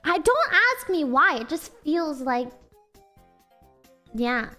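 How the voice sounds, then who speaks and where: Give me a high-pitched American woman rambling and giggling on a livestream. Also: very animated, slow pace, pushed and bright, soft background music. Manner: giggly, rambling with lots of "like" fillers. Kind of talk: casual livestream chat.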